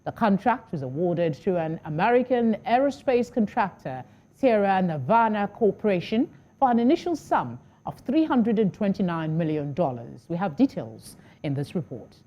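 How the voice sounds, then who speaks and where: A woman presenting TV news and interviewing a guest, composed and brisk. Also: medium pitch, big pitch swings, mellow, lo-fi sound. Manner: composed, brisk, with some fillers. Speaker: news anchor.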